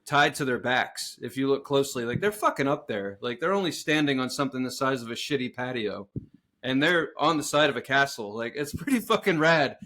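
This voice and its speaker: A man co-hosting a podcast, talking in a loose, animated way and swearing often. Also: mid-range voice, brisk. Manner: animated, swears a lot, jumps into loud mocking voices. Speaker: podcast co-host. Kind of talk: casual chat.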